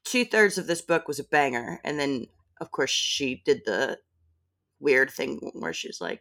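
A woman's voice: a bass voice, very animated, a little slow, gravelly, a bit bright. A woman guest in a casual podcast discussion, chatty and wry, laughing often as she talks.

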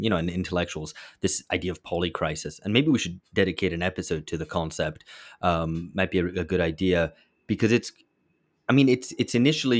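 Deep-voiced man thinking aloud. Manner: thinking aloud, repeats words, frank. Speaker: podcast co-host. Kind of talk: casual discussion.

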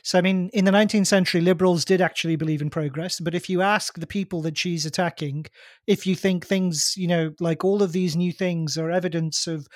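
A man's voice: high-pitched, fairly even intonation, brisk, dry recording, studio quality. A man in a casual podcast discussion, blunt and argumentative as he makes his case.

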